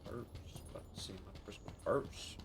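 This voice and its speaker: A man's voice: fairly low pitch, normal speed, background noise. Swearing young man muttering over gameplay. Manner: muttering to himself, swears often, talks to the game. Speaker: streamer. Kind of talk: casual gameplay commentary.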